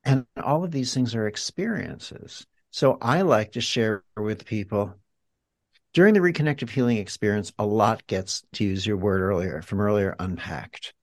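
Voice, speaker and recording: A man's voice: lowish voice, expressive, moderate pace, no echo. A man, a healer and guest, talking reflectively and guiding the listener through an exercise in a teacherly way. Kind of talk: reflective interview talk.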